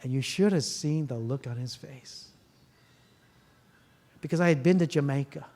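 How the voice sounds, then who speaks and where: A man who works as a therapist delivers a public talk, sharing stories and addressing the crowd with rhetorical questions. His pitch is medium and his pace moderate, and he performs the conversations in lively voices.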